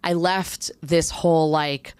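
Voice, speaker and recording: A woman's voice: sits low, fairly even intonation, takes it slowly, darkish tone, clear, resonant tone, no echo. A woman in her thirties co-hosting a podcast, talking reflectively in long, searching runs. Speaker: podcast co-host. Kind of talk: casual chat.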